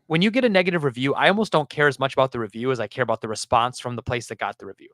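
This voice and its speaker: A man hosting a casual podcast, telling a story about his game store with lively acted-out quotes. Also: mid-range voice, very fast, no echo, clean studio sound. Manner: animated storyteller, acts out customers.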